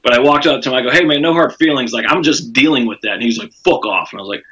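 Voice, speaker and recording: A man with a bright, forceful voice tells a rowdy story from his stand-up gigs, swearing freely. He jumps into other people's lines, pushing his voice up and louder to act them out, and keeps a loose chatty rhythm full of fillers. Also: mid-range voice, racing, slightly rough, low-quality recording. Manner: animated, profane, acts out quotes with raised voice. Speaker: comedian telling a story. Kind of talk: casual storytelling on a podcast.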